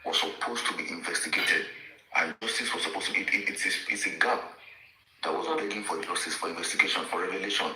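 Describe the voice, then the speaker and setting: A man hosting an online discussion, speaking deliberately and repeating words as he builds a point. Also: deep voice, bright, forceful tone. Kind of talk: measured commentary. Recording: echoey with faint noise.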